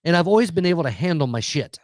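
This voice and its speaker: A man's voice: fairly high pitch, lively intonation, quick pace, no room sound, clean studio sound. A man, telling a heated, profanity-laced story in casual podcast chat. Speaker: podcast co-host.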